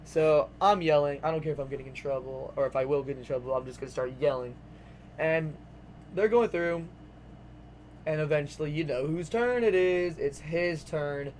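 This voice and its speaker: A young man telling a long casual story to his vlog audience, rambling and animated, full of "like"s and swearing. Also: a little high, moderate pace, slight background noise. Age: young adult. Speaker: vlogger.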